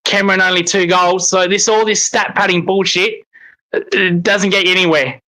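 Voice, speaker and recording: A man commenting live on a football match as a fan, excitable and swearing when frustrated. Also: high-pitched, moderate pace, low-quality recording. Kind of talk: live watch-along commentary.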